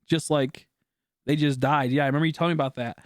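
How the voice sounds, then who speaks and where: Male streamer, loose rambling talker with filler-heavy speech, voice sits a bit high, dry close recording. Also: steady tone, fast, dry recording. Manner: rambling, heavy on filler words, swears freely. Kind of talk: casual chat with viewers.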